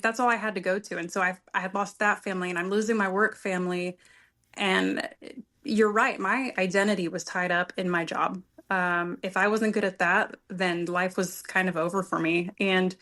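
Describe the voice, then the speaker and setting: Woman guest, heartfelt storyteller, earnest and emotional, average pitch, pauses to find her words. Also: fairly bright tone. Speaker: podcast guest.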